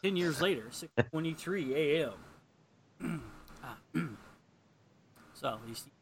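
Rambling casual man, slightly high. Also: lively intonation, takes it slowly, gravelly, a little hiss or hum. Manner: rambling, filler-heavy, informal. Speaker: podcast co-host reading a comic aloud. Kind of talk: casual chat, reading aloud.

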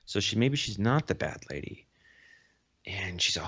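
A man with a fairly low voice casually retelling a comic story on a podcast, rambling and fixing his slips as he goes. The sound is dull and lo-fi. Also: very animated, moderate pace, a bit bright, breathy edge. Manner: rambling, self-correcting retelling. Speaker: podcast host. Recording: dull lo-fi recording.

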